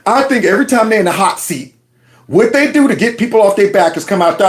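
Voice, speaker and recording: A man's voice: sits high, animated, fast. A middle-aged man, a former school principal, hosting a reaction commentary and talking back at clips in an indignant, mocking way.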